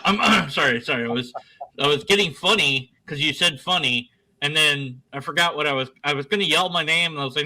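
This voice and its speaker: A man's voice: a little high, fairly quick, pushed and bright, slight background noise, rough recording. A man rambling goofily and self-deprecatingly as a guest on a casual online panel, speaking from his desk at home.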